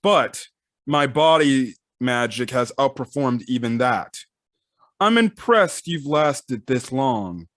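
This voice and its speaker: A man's voice: medium pitch, expressive, slow, fairly bright tone, no room sound, studio quality. Brief: man voicing arrogant male manga villain, mocking and condescending. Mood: menacing.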